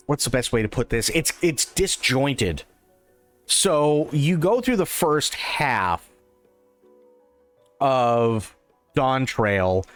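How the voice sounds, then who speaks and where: Animated man streaming, lively pitch. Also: clear, resonant tone. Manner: animated, repeats himself, stammers on restarts. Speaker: livestream host reacting to an interview. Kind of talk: casual reaction commentary.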